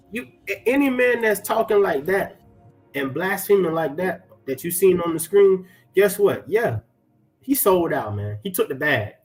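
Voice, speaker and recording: A man hosting a reaction commentary, indignant and preachy, mixing loose slang with chuckling asides and scripture readings. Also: high-pitched. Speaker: commentary channel host.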